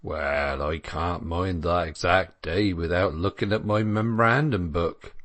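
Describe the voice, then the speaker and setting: A man's voice: low voice, unhurried, a bit bright, no echo. A man voicing a placid, unconcerned rural dairy farmer in an audiobook, with an offhand country drawl.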